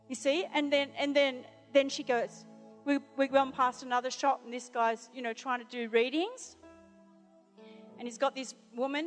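A woman's voice: high-pitched, a bit bright. A middle-aged woman preaching, telling personal stories in a chatty way full of "you know" and restarts. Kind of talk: sermon with personal anecdotes.

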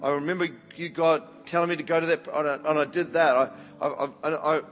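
A man's voice: on the high side, fairly even intonation, fast, a bit bright. A man preaching as an evangelist, telling stories animatedly and often repeating words as he restarts. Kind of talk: sermon storytelling. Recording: reverberant hall with faint music.

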